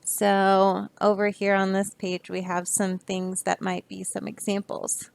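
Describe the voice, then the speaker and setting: Gravelly-voiced woman reading a picture book. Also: medium pitch, completely flat delivery, unhurried, dry recording. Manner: explaining, chatty asides, soft laughs. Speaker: storybook reader.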